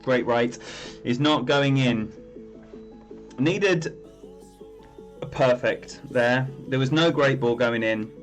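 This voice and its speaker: A man's voice: medium pitch, takes it slowly, long pauses, soft background music. Chatty man streaming a game. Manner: chatty, rambling, greets viewers by name. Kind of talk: live-stream game commentary.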